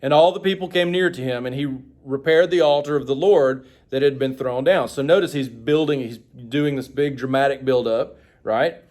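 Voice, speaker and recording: A man's voice: mid-range voice, moderate pace, darkish tone. A man teaching a Bible study, reading passages aloud and explaining them in a casual, conversational way with frequent asides. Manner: reads quotes with raised, dramatic emphasis.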